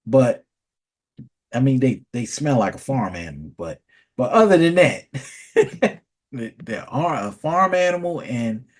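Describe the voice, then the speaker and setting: A man's voice: mid-range voice, very animated, a little slow, pauses often. Rambling, profane man telling stories. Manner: rambling, profane, repeats words. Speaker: vlogger. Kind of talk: casual storytelling rant.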